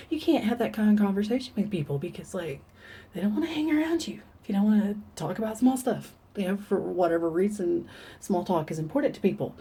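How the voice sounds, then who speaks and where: A woman speaking in a personal confessional vlog, earnest and halting, talking openly about painful memories in a dark room. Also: medium pitch, lively intonation, husky. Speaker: vlogger.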